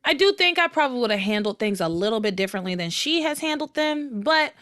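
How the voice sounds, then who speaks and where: Woman podcast host, high lively voice, animated storyteller, dry close sound. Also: quick pace, no room sound. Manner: animated storytelling, acts out quotes, laughs often. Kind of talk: casual recap chat.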